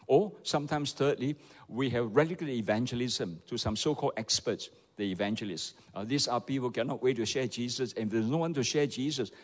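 A man preaching a sermon, animated and peppered with "okay" and "isn't it". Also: medium pitch. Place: church hall. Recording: echoey church hall.

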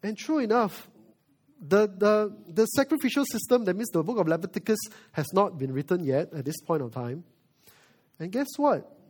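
A male pastor preaching a sermon, moving from quiet reflection to loud emphasis. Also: high-pitched, animated, moderate pace, breathy edge.

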